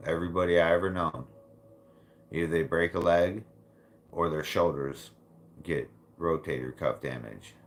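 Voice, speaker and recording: Deep-voiced man in profane casual chat. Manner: blunt and profane, laughs often. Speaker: livestream host.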